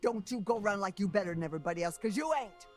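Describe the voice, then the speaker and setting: A woman's voice: medium pitch, very fast, soft background music, lightly acted. An actress playing a bitter, grieving old hillbilly mother with a Southern accent, cursing and scolding her son. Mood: furious shouting. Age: older. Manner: cursing, scolding, shifts from muttering to yelling.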